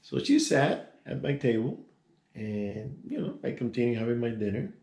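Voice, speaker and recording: A man's voice: medium pitch, very animated, normal speed, a little mellow. A man in his sixties telling a personal story in a casual, rambling way, with many asides and restarts. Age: 60s. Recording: echoey room.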